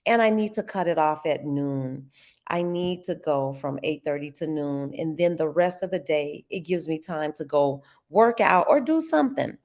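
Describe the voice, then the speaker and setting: Middle-aged woman on a trading livestream, kinda low voice, chatty, talks to chat like y'all. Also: darkish tone. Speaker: trading stream host. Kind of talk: casual live-stream chat.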